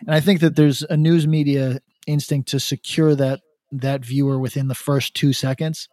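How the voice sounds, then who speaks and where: A man's voice: medium pitch, fairly even intonation, moderate pace, mellow, dry recording, studio quality. A man co-hosting a podcast in casual chat, rambling and profane, stumbling over restarts. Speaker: podcast co-host.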